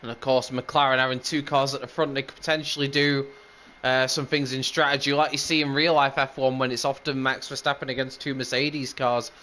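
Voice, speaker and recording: A man's voice: medium pitch, level tone, brisk, pushed and bright, slight background noise. A man commentating a sim racing qualifying session with chatty, upbeat play-by-play and frequent fillers. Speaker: lead commentator. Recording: music bed underneath.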